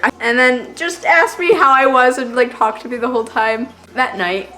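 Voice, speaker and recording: A woman's voice: fairly high pitch, normal speed, hardly any pauses, sharp tone. A teenage girl telling stories to camera in a casual, rambling way, full of filler words and self-deprecating asides. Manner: chatty, rambling, heavy on "like" fillers. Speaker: vlogger.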